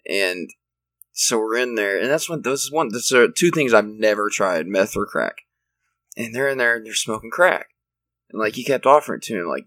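A man's voice: fairly low pitch, animated, brisk, a bit bright, no echo, poor audio. A young man telling rambling, profane stories in casual chat.

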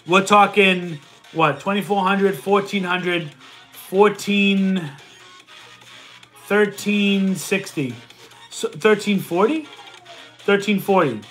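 A loud, energetic man hosts a casual livestream and answers his viewers' questions as they come in. His voice sits high and bright, and he talks the numbers through out loud. Faint music plays behind him. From Italian heritage. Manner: loud and energetic, says he yells. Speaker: livestream host answering chat.

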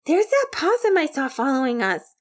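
A woman reading an audiobook, voicing a young girl who sounds high, excitable and a bit whiny. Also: moderate pace. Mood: excited. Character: bossy, bold kid girl Amy.

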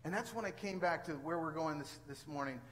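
Older male pastor, animated storyteller. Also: fairly high pitch, a little fast, slight background noise, low-quality recording. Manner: animated storytelling, rising to exasperated outbursts. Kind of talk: sermon with personal story.

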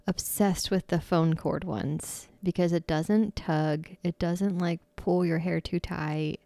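Speaking slowly with a lowish, steady, mellow voice, a young woman co-hosting a podcast chats casually and laughs readily. The recording is dry.

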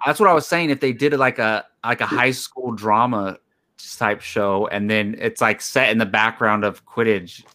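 A man's voice: fairly low pitch, moderate pace, sharp tone. A young man hosting a casual podcast chat, enthusiastic and laid-back as he leads the segments. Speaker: podcast host.

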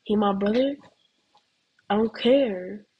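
A woman's voice: medium pitch, slow pace, husky, muffled recording. A teenage girl student in a casual comedic rant, rambling and giggling with lots of "like". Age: teens.

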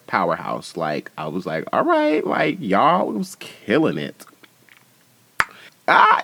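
A man hosting a casual reality-show recap, animated and profane, with sassy asides and frequent laughter. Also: on the low side, no echo.

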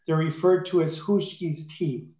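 A man's voice: fairly high pitch, fairly even intonation, measured pace, dark tone. A man preaching a sermon in an emphatic way, rising to fervent peaks. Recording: echoey room.

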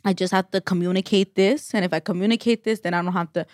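A young woman co-host talking in a loose, rambling way, full of "like" and restarts, with the odd swear word tossed in. Her pitch sits in the middle, and the sound is dry and close with no room echo. It feels like an easygoing podcast chat. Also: fairly even intonation, quick pace. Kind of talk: casual chat.

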